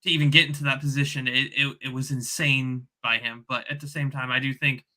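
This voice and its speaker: A man speaking as a guest on a casual football fan podcast, in a measured way that repeats and restates his points. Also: medium pitch, steady tone, bright, forceful tone.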